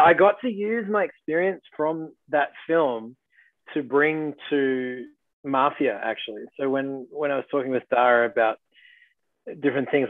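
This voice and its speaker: A man's voice: mid-range voice, dry recording. Australian man over a tinny call line. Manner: chatty, rambling with fillers and restarts. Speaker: actor guest. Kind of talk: casual video-call interview. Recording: tinny phone-like call audio, dry.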